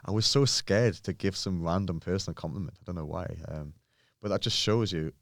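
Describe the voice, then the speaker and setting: A man's voice: deep voice, a little fast, no echo, studio quality. A man from England, a guest telling personal stories in casual, earnest conversation. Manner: earnest, mimics others' voices in anecdotes. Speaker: podcast guest, pro bodybuilder.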